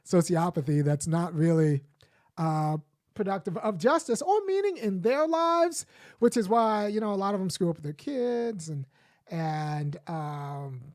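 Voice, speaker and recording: A man's voice: high voice, expressive, measured pace, a little mellow. Man giving live political commentary. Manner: conversational, with frequent fillers and restarts; argumentative, lecturing. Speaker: host of a weekly live commentary show.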